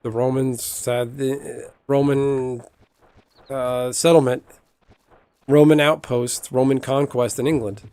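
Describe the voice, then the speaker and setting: A man's voice: mid-range voice, fairly even intonation, slow, darkish tone, clean tone, dry recording. A man from the United States streaming a game, chatting casually in a rambling way and swearing now and then. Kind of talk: casual chat while gaming.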